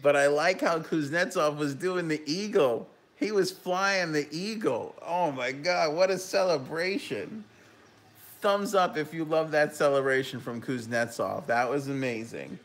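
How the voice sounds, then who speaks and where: Excitable man hosting a live hockey stream. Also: a little high, a little slow. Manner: excitable, bursts of loud enthusiasm. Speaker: host of a live hockey talk show. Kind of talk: live stream reaction and chat reading.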